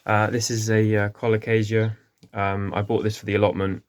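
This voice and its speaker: A man's voice: lowish voice, little pitch movement, moderate pace. A man gives a rambling, casual tour of his small greenhouse, full of ums and self-corrections. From England. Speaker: gardening vlogger. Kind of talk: casual walk-through tour.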